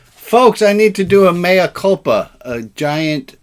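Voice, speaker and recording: A man leading a relaxed, informal service, joking and self-deprecating, with sarcastic asides. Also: sits high, slow, smooth.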